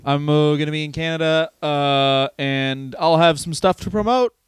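A man co-hosting a comedy podcast, casual with jokey, deadpan asides. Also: on the high side, moderate pace, clear, resonant tone, dry recording. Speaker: podcast co-host.

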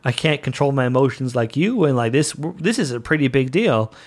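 A panicky young male starship officer defends his outbursts in a flustered, slangy way, as a podcast host puts him on. The voice stays close to the host's ordinary pitch. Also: animated, brisk, natural voice. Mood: defensive.

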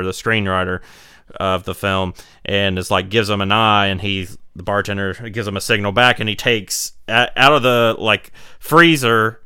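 Guy on a movie podcast, low-ish bright voice, super clean and dry, rambles through the plot. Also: clean tone, dry recording. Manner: rambling, retells scenes with acted-out quotes. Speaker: podcast co-host. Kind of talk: casual movie recap chat.

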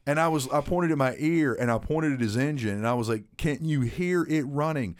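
Guy on a podcast telling a story, swears a lot, mid pitch, acts out the quotes. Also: fairly quick. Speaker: podcast co-host. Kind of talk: casual storytelling chat.

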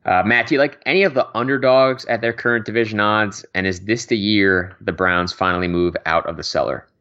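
A man's voice: fairly low pitch, steady tone, pushed and bright, highs cut off. A man co-hosting a sports betting podcast, chatting casually with many fillers. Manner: quick, conversational, many fillers and laughs. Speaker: podcast co-host.

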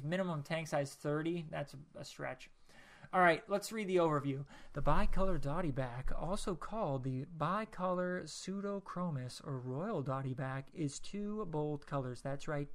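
Young male solo podcaster, rambly and self-deprecating, slightly high, bright tone. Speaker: podcast host.

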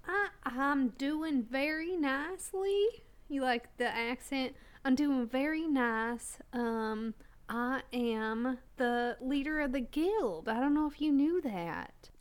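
A woman's voice: high-pitched, expressive, voice pushed down. A woman voicing an awkward young woman with a put-on Southern drawl, role-playing at a tabletop game. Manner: slow, drawled, halting. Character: awkward young adult woman in a bush costume, folksy. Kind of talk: in-character tabletop role-play.

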